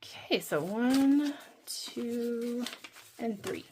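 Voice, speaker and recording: Slow, chatty woman hosting a budgeting vlog. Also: on the high side, lively intonation, mellow, a little hiss or hum. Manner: chatty, thinking aloud, counting under her breath. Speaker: budgeting channel host. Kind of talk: casual chat while doing savings challenges.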